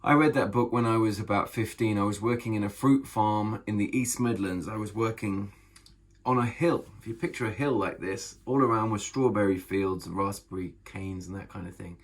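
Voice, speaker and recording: A man, an author, talking casually to camera about bold storytelling, enthusiastic and emphatic, with a gravelly, husky voice. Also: on the low side, normal speed. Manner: enthusiastic, emphatic, repeats phrases. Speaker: author and vlogger.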